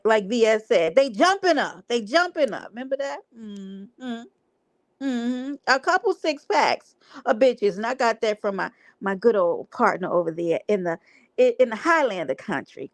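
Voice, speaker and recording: A woman's voice: on the high side, no echo. A woman hosting a livestream, talking to her chat in a brash, playful way with plenty of profanity. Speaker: livestream host.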